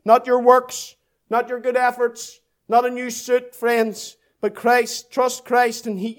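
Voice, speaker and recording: Fervent high-pitched Northern Irish preacher. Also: male voice. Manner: fervent, rhythmic repetition building in intensity. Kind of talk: evangelistic sermon.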